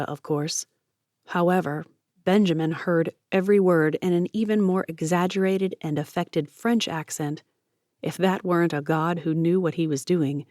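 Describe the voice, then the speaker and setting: A woman reading an audiobook with steady, expressive narration. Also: low voice, dry recording, studio quality.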